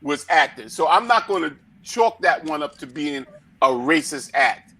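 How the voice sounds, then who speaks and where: A man co-hosting a talk show, arguing a point and telling a story in an animated way, swearing freely. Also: fairly high pitch, normal speed, slightly rough. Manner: animated, swearing, acts out quotes loudly. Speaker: podcast co-host. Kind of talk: heated debate, storytelling.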